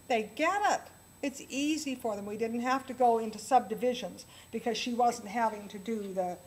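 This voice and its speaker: A woman's voice: a little high, darkish tone, slight background noise, poor audio. A woman piano teacher leading a workshop for other teachers, enthusiastic and counting rhythms aloud.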